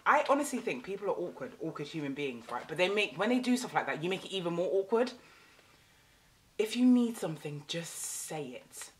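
A young woman vlogger rants casually to camera, animated and exasperated, repeating phrases for emphasis. Her voice is lowish and her pace fairly quick.

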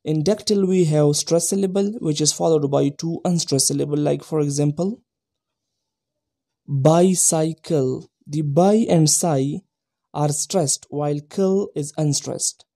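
A man giving a recorded lesson, explaining each point slowly and carefully and repeating the key terms. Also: fairly high pitch, steady tone, creaky, mellow. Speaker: teacher.

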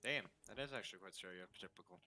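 A man's voice: low-pitched, fast, sharp tone. A young man, playing a game alongside a friend, joking and arguing playfully in casual chat. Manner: teasing, playful, argumentative. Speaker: gaming co-player.

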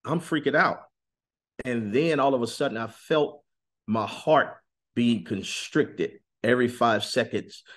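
A man giving an earnest, intense testimony in a sit-down interview, slowing on key words and rising suddenly in pitch and volume. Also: fairly bright tone. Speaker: interview guest.

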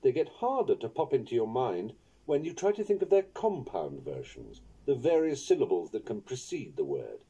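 A man reading his own instructional book on poetry aloud in a wry, playful, unhurried way. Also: medium pitch, huge pitch swings, dark tone, breathy edge, dull audio. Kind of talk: audiobook narration of an instructional book.

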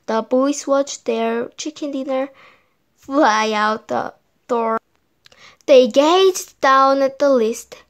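A woman whose first language is Korean, reading a children's story aloud in a slow, sing-song way. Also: high voice.

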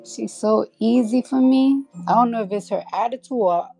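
A woman's voice: on the high side, moderate pace, gravelly, warm tone, low-quality recording. A woman hosting a casual live audio chat, talking bluntly and profanely, sleepy, with faint baby music playing behind her.

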